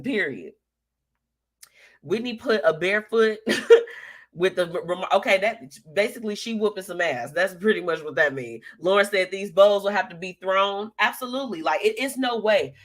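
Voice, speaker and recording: A woman's voice: medium pitch, expressive, moderate pace. A young woman hosting a live show, chatting casually and sassily while reading out viewer comments, with lots of slang and laughter.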